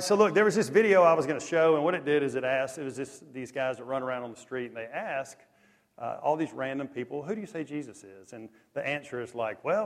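A man preaching a sermon, telling stories in a lively, conversational way. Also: medium pitch. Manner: animated, conversational storytelling with lively swings in loudness. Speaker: pastor. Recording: long echo of a large hall.

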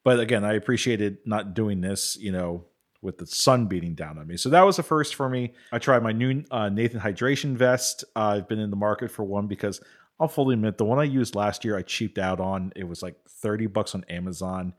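A man's voice: fairly low pitch, fairly quick. A man co-hosting a podcast, telling a rambling story with plenty of "you know". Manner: chatty, rambling, many "you know" fillers. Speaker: podcast co-host. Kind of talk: casual chat.

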